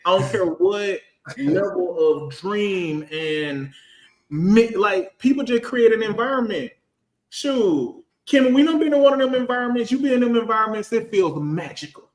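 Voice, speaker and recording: A man in his thirties, a finance professional on a casual business panel, talking in an animated, slangy way and acting out quoted voices. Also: sits high, moderate pace, roomy sound. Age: 30s.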